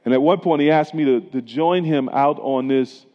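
Speaking at a normal speed in a mid-range voice, a middle-aged pastor gives a sermon in a chatty style full of personal anecdotes. The audio is dull and lo-fi, with long reverb from the hall.

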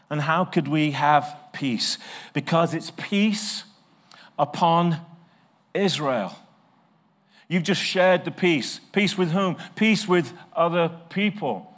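A middle-aged male pastor preaching a sermon, swinging from soft, slow passages to loud, emphatic ones. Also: mid-range voice.

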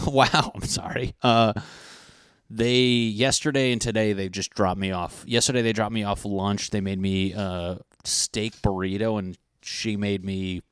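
Young male vlogger, deep and dry-sounding, loose profane self-deprecating chat. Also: steady tone, unhurried, a bit bright, clean tone, no room sound. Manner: rambling, profane, self-mocking. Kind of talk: casual chat to camera. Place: at home.

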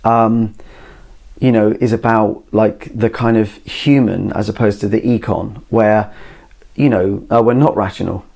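A solo podcast host records himself on a camera mic in a garden shed, his lowish, gravelly, darkish voice steady and unhurried. He wanders through his ideas in a casual, meandering monologue packed with "you know" and "like".

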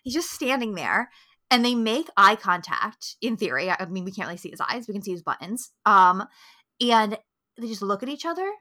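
A young woman co-hosting a podcast in casual chat, animated and profane, often acting out characters' lines. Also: mid-range voice, fairly quick. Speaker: podcast co-host.

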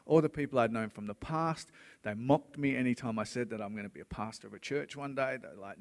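A middle-aged man preaches to a congregation. He tells stories earnestly and casually and keeps checking in with his listeners. His voice carries the long reverb of a big church hall at an ordinary pitch. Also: moderate pace, a little mellow. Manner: earnest, conversational storytelling with frequent "right?". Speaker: pastor. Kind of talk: sermon.

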